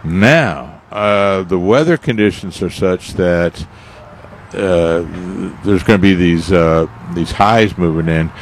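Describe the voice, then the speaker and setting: Guy on a gardening radio show, very low voice, slow and halting, lots of uhs. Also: slight background noise. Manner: halting, many fillers and restarts. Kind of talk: casual radio chat.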